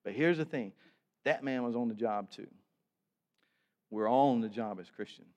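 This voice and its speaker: A man's voice: mid-range voice, moderate pace, darkish tone. A male pastor, preaching a sermon in a folksy storytelling way and acting out the people in his stories.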